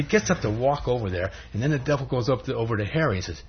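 A man's voice: medium pitch, lively intonation, fast talker, a little hiss or hum. A man preaching a sermon in a loose, conversational storytelling manner, on a dull lo-fi recording.

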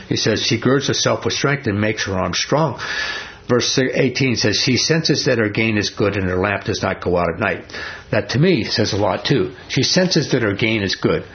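Gravelly-voiced preacher man, folksy sermon. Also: lowish voice, lo-fi sound. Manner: folksy storytelling with many restarts and repeated "he says".

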